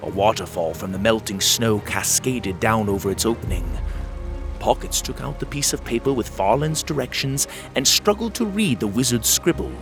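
A man hosting and narrating a children's adventure story in an expressive read-aloud manner. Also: lowish voice, moderate pace, over music. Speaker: storyteller and podcast host.

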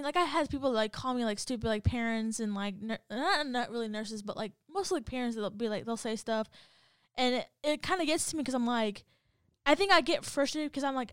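A woman's voice: high-pitched, a bit bright, smooth, dry recording, studio quality. A woman in casual chat, rambling and venting, with many fillers.

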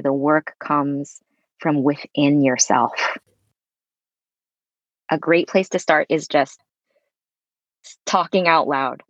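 A woman speaking as a guest on a podcast about voice work, expressive and effusive, swearing casually as she talks. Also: low-pitched, no room sound. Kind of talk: conversational interview. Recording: dull lo-fi sound.

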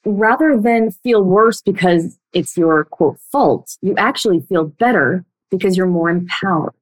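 A young woman speaks straight to her listeners as a relationship coach. Her voice sits a little low, and she is blunt and emphatic, racing through some phrases and stretching out others. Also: animated, rough recording. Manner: blunt, emphatic, speeds up and slows down a lot. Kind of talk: direct-to-listener coaching talk.

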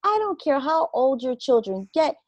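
A woman's voice: sits high, moderate pace, no room sound, muffled recording. Earnest woman telling a story, dry sound. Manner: animated, acts out her own inner reactions; earnest and reflective. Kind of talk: casual conversational storytelling.

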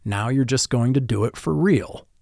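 A scowling art teacher with a soft heart, talking a student through his work calmly and patiently, as a man plays him. His voice sits at a middle pitch. The recording is close and dry. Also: moderate pace, gravelly, no room sound, close to an everyday voice. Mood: encouraging. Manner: calm, encouraging, explaining. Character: gruff but kind male art teacher. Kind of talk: audiobook-style storytelling.

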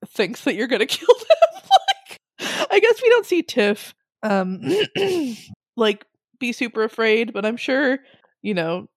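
A woman in casual podcast chat who keeps breaking into laughter and voices the characters' lines as she retells them. The sound is dry and close, with no room echo around her voice. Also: medium pitch. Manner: animated, laughs often, acts out characters' lines. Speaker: podcast co-host. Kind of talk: casual book discussion chat.

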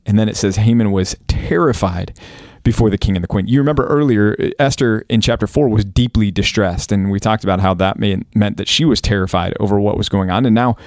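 A man co-hosting a Bible podcast, retelling the story in a relaxed, chatty way with fillers. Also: fairly low pitch, normal speed, no echo, clean studio sound. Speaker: podcast co-host. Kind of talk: casual Bible study chat.

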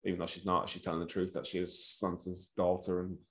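A man's voice: low-pitched, completely flat delivery, fast talker, fairly bright tone. A man co-hosting a casual podcast, easygoing and laughing along as he discusses a film. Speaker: podcast co-host. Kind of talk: casual chat reviewing a film.

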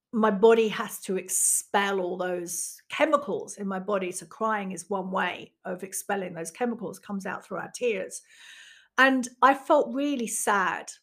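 A woman delivers a candid, reflective personal monologue in a mid-range voice. She speaks openly and swears casually, like someone who teaches others about handling emotions. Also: medium pitch.

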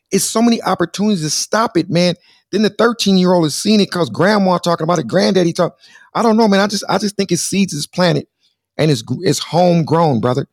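A man hosts a live call-in show in a fast, gravelly voice. He is slangy and teasing, calling everyone brother. The sound is dry and close, with no room around it. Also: a little high, dry recording. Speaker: host.

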